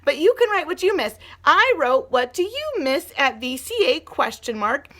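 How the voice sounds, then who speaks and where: Brief: woman teacher, high bright voice, gentle and encouraging with young kids. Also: big pitch swings, normal speed. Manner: gentle, encouraging, sing-song teacher talk. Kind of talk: remote lesson for young children.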